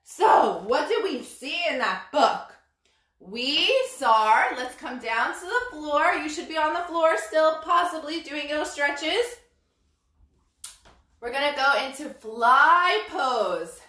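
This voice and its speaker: A woman's voice: sits high, expressive, slow pace, bright, forceful tone, distant mic. A woman leading a toddler yoga class, reading a storybook aloud and making playful animal sounds. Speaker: yoga instructor. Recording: roomy sound from off the mic.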